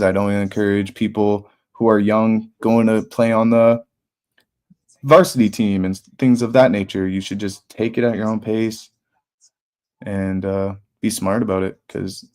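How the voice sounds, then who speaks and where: A man's voice: on the low side, a little mellow. A young man hosting a live fight watch party, talking casually and bluntly with slang and swearing. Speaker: livestream host.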